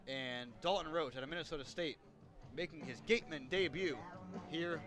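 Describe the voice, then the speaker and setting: A man calling a baseball game play-by-play with a slightly high voice. He keeps it relaxed and chatty between pitches and lifts it when a play happens. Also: moderate pace. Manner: relaxed, chatty, rises on big plays. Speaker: play-by-play announcer.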